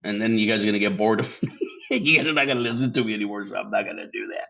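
A man's voice: on the low side, rapid-fire, gravelly, sharp tone. A man hosting a casual solo podcast. He laughs often, swears freely and drops Spanish words into his English. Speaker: podcast host. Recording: dull lo-fi sound.

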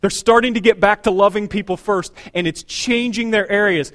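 Brief: middle-aged male pastor, high tenor voice, punchy preaching that drops low and rises loud. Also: normal speed. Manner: emphatic preaching with sudden loud and quiet turns. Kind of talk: sermon. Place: church sanctuary.

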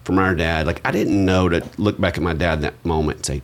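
Middle-aged male podcast host, very deep, easygoing and self-mocking. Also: quick pace. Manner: relaxed, self-deprecating, chatty. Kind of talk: casual podcast chat.

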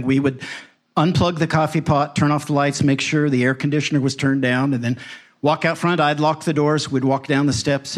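A middle-aged man, a pastor, telling a story in a folksy, animated way with wry asides. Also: medium pitch. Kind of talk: storytelling sermon.

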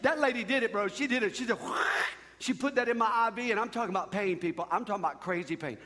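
A man doing stand-up comedy, telling a story in an animated way and yelping up high on his punchlines. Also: rapid-fire. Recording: long hall reverb.

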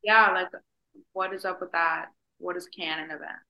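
A young woman co-hosting a podcast, rambling casually with lots of "like" and animated storytelling. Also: fairly low pitch, normal speed, creaky, dull audio. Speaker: podcast co-host. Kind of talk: casual chat.

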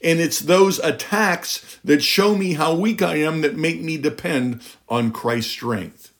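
A man's voice: a little high, slow pace, fairly bright tone. A middle-aged man preaching a sermon, emphatic, with rhetorical questions and a voice that climbs on key points.

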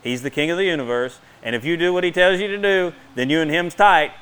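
A middle-aged man preaching a sermon in a fast, folksy way, with bursts of emphasis between quick asides. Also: fairly high pitch, fairly bright tone, clear, resonant tone.

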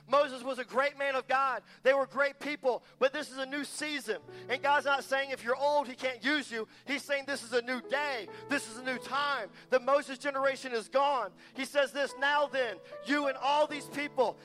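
A man's voice: very high voice, fairly even intonation, normal speed, few pauses, pushed and bright, faint music behind. A man preaching a passionate, emphatic sermon as a guest speaker, repeating lines for weight.

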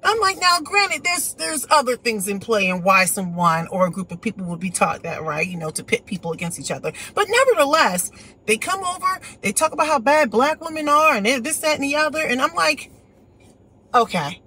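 An American woman from the United States hosts her own channel, talking fairly quickly in a high-pitched voice over a little hiss or hum. Her livestream commentary is opinionated and animated, and she reads chat aloud, answering viewers by name.

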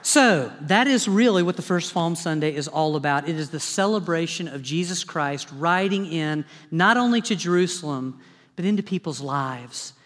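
This pastor's voice sits on the high side and moves at normal speed, echoing through a large hall. He delivers his sermon in the sanctuary with dramatic animation and a few jokes along the way.

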